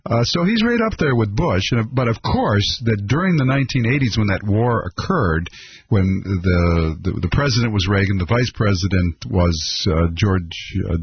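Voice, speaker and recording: Male call-in radio host, low voice, halting and rambling, slightly dull sound. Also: lively intonation, husky. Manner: rambling, halting, many fillers. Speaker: radio talk show host.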